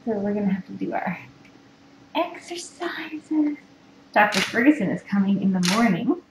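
A woman hosting a kitten rescue live stream, talking in cooing baby talk that often drops to a hushed whisper. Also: medium pitch, fairly even intonation, fast, recorded from a distance. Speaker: kitten rescue livestream host. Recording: echoey room with clear background noise.

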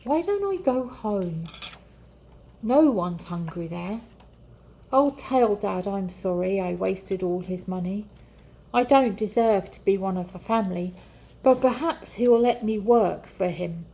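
Woman reading as a repentant young son, storybook, pleading, slow. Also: medium pitch, expressive, dark tone. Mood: wistful.

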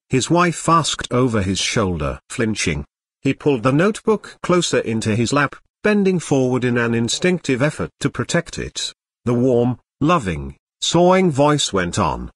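A computer-generated man's voice reading a novel aloud in an even, machine-read manner. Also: mid-range voice, unhurried, husky, no echo, studio quality. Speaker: audiobook narrator. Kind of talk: synthetic audiobook narration.

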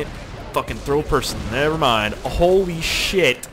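A man's voice: fairly high pitch, measured pace, music in the background. Guy doing let's play commentary, swears a lot, jokes around, voice jumps all over. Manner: excitable, profane, joking running commentary. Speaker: gaming commentator.

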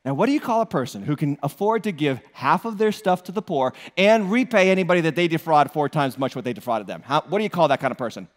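A male pastor with a New England accent preaching an animated sermon, joking and throwing rhetorical questions at the congregation in a church auditorium. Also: a little high, fast talker, hardly any pauses. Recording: long hall reverb.

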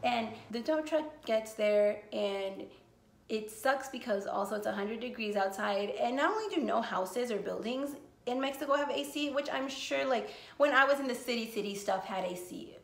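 Brief: woman vlogger, a bit high and gravelly, casual rambling storyteller, curses freely. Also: lively intonation, normal speed, roomy sound. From United States. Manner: rambling, frequent swearing and "like" fillers.

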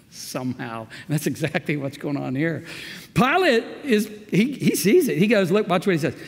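A man preaching a verse-by-verse sermon as a pastor, talking conversationally and reading the text with emphatic, animated delivery. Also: fairly high pitch. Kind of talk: expository sermon. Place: church sanctuary. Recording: long church reverb.

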